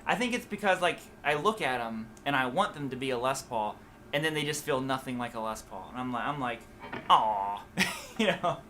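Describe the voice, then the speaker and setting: A man's voice: mid-range voice, animated, a little fast. An American man with a mixed Midwest and Southern accent, chatting casually and loosely on a live stream as a guitar teacher, full of fillers and restarts. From USA. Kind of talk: casual livestream chat.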